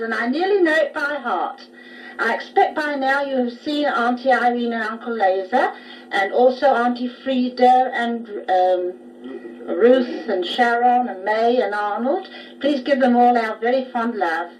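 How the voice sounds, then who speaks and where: A mother speaking an affectionate taped letter to her daughter, effusive and lively. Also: fairly high pitch. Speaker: mother sending a taped message. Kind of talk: warm spoken letter on tape. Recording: distant home tape recording with hiss.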